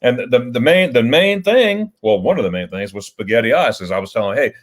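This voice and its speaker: A man hosting a casual livestream, talking in a middle pitch. He rambles through stories, restarting his sentences and chuckling as he goes. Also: animated, a little fast. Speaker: livestream host.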